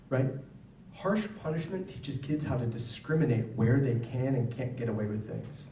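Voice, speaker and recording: A man's voice: mid-range voice, moderate pace, warm tone, far from the mic, a little hiss or hum. Man lecturing in an echoey hall. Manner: conversational, frequent "right?" check-ins. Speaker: psychologist giving a talk to parents. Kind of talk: lecture to an audience. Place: school hall with an audience.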